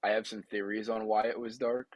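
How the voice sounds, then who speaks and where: A man's voice: fairly low pitch, little pitch movement, brisk, no echo, muffled recording. A young man co-hosting a podcast, chatting easily about a film and laughing often. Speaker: podcast co-host. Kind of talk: casual film review chat.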